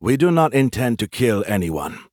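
A man voicing a calm, confident human general in an audiobook, courteous with a dry, taunting edge. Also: mid-range voice, normal speed, no echo. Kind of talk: audiobook character voice.

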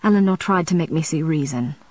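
A woman's voice: sits low, expressive, a little fast, a little mellow. A woman reading the part of a brooding, tormented male vampire in an audiobook, speaking emphatically with a strained voice. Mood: anguished. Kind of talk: audiobook character voice.

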